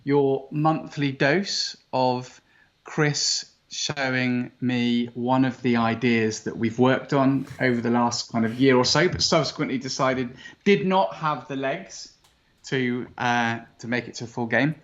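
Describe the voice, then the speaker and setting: A man hosts a relaxed conversation, teasing his guest and laughing often. His voice sits at an average pitch, and the recording sounds slightly muffled. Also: measured pace. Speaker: host. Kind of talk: casual chat.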